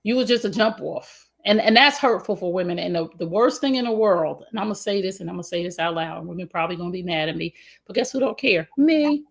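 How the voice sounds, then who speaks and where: A woman's voice: on the low side, animated, fast talker, creaky. This is a woman co-hosting a relationship talk show, blunt and emphatic in her advice. She speaks with features and leans into her points like a lecture. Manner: outspoken, emphatic, preachy advice. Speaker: co-host.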